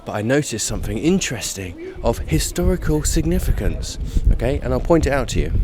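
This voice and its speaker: A man's voice: medium pitch, sing-song, brisk, few pauses, heavy background noise. A man vlogging off the cuff, rambling and emphatic, filmed outdoors on a phone held by a companion. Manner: rambling, emphatic free-styling. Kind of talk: off-the-cuff vlog monologue. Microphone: phone camera held by a companion.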